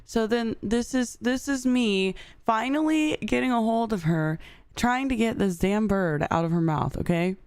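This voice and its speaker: A woman's voice: fairly high pitch, unhurried, a little mellow, clean tone, no echo. A young woman chatting casually to her viewers, telling a story with lots of laughter between lines. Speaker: streamer.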